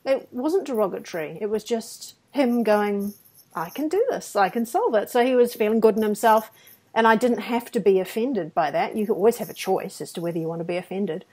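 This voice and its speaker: A woman co-hosts a podcast, speaking briskly in a mid-range voice. In casual conversation she tells animated personal stories, performing the quotes and breaking into self-deprecating laughter.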